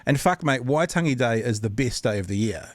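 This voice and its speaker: A man's voice: mid-range voice, expressive, a little fast, no room sound. A man from New Zealand with a Kiwi accent hosting a casual interview, laid-back and jokey, dropping local slang. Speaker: host.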